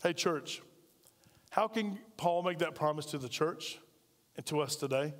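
A man's voice: on the high side, a little slow, long reverb tail. A man preaching a sermon as pastor, talking conversationally and drawing call-and-response from his congregation in a large church. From United States.

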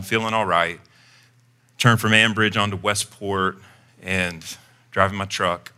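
A man preaching a sermon as pastor, telling a personal story in a conversational way and acting out his own lines. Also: on the low side. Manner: conversational storytelling, animated when quoting himself.

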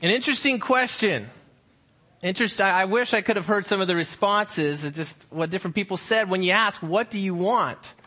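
A man preaching as a high school pastor, posing slow rhetorical questions and acting out different tones of voice. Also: bright, forceful tone. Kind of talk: sermon.

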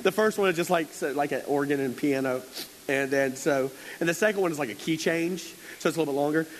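Male preacher, a touch higher voice, relaxed and playful storyteller with a faint hiss behind him. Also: fast talker, low-quality recording. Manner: chatty and playful, many fillers, acts out quotes. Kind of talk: conversational sermon with storytelling.

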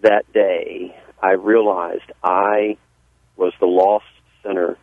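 Low, flat, and slow, this man's voice belongs to a Georgia pastor with a Southern accent telling his life story in a radio interview. He comes across earnest and folksy, often restarting sentences, on a dry, phone-like radio line.

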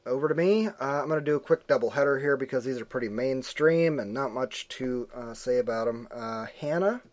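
A man hosts a casual movie podcast, venting loudly about what bugs him and cracking jokes. His voice sits at a middling pitch, and he talks in a loose, offhand way. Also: a little fast. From United States. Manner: opinionated, ranting, joking. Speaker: podcast host. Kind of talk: casual movie review chat.

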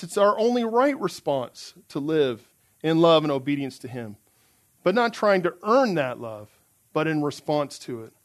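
A man preaching a sermon in an earnest, emphatic way, reading out scripture passages. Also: fairly high pitch.

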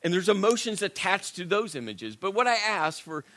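A middle-aged man preaching a sermon, telling a personal story in a conversational, self-deprecating way and dropping to a hushed voice at serious moments. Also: high voice, very animated, normal speed. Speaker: pastor.

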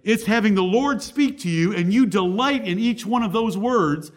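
A male pastor preaching a sermon in church, reading scripture aloud slowly and with emphasis. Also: high-pitched.

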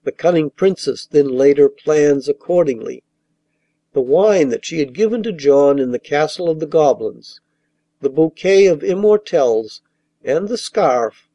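A man reading a fairy tale aloud as an audiobook narrator in a measured, even storytelling manner. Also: on the high side, dry recording, dull audio.

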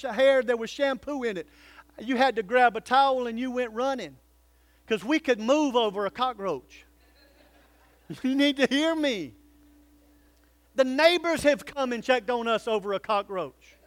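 A male pastor preaching a sermon, swinging between loud calls and hushed, earnest pleading. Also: very high voice, normal speed, dry recording.

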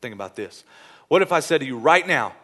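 A man preaching a sermon in church as pastor, animated and playful, acting out little scenes. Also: medium pitch, a little fast.

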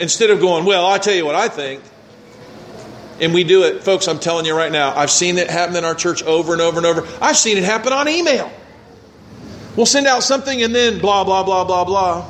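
A man's voice: sits high, fairly bright tone, slight background noise. A male pastor preaching a conversational sermon, acting out mock voices as he talks.

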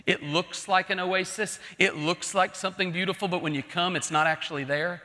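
A pastor preaches a heartfelt sermon in a high, ringing voice with a sharp edge that carries, keeping a steady tone at a fairly quick pace. He's earnest and emphatic, building to pleading intensity, while a big church hall adds long reverb.

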